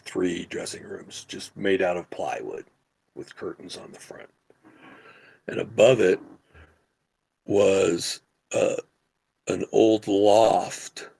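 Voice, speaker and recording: Gravelly middle-aged man telling stories. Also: fairly low pitch. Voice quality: gravelly, husky. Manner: animated, profane storyteller who yells quoted lines. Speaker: podcast co-host. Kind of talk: casual storytelling chat.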